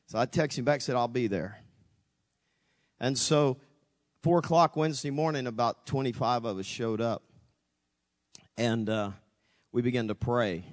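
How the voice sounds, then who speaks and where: A man's voice: mid-range voice, a little slow, long pauses, in a large hall. A pastor preaching a sermon, telling a story with dramatic swings, acting out both his own voice and God's. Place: church sanctuary.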